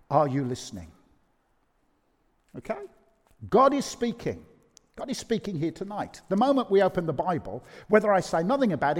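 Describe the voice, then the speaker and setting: A man's voice: sits high, a little mellow. A man preaching an evening sermon, emphatic and repeating key phrases for effect. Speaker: pastor. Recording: long reverb of a large hall.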